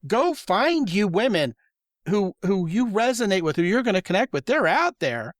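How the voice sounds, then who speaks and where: A man's voice: high voice, sing-song, moderate pace, dry recording, clean studio sound. A man hosting a podcast, talking in an emphatic, opinionated way and acting out the quoted voices he describes. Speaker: podcast host. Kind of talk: casual podcast conversation.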